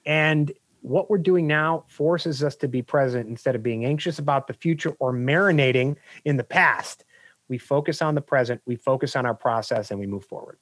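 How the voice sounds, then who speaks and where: A middle-aged man, a business coach and guest, talking in an energetic, emphatic way full of anecdotes. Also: mid-range voice, moderate pace, no echo, studio quality. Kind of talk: interview answers.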